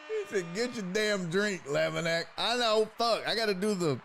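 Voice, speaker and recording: A man's voice: high-pitched, expressive, gravelly, fairly bright tone, slight background noise. A man hosting a live-streamed sports talk show, reading and answering viewer messages, cursing freely and laughing in between. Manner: profane, exasperated, quick to laugh.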